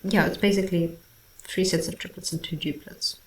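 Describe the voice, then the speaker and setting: A woman with a fairly low speaking voice talks casually about a song, breaking into sung rhythms to make her point. Her home microphone picks up a roomy echo. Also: fairly even intonation, fairly quick. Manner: chatty, breaks into scat-singing rhythms. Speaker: classical singer reacting to music. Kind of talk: casual music analysis.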